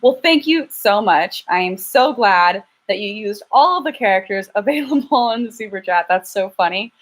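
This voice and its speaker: A woman's voice: medium pitch, animated, normal speed. A young woman chatting casually on a live stream, frank and self-deprecating, often stumbling and restarting as she answers viewers' questions. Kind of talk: casual live-stream chat reading super chats. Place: home, lives in LA.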